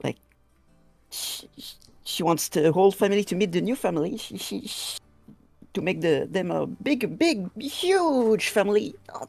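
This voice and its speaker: A woman playing a tabletop game, describing her character in an excitable, hesitant way. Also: low-pitched, no echo. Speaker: player.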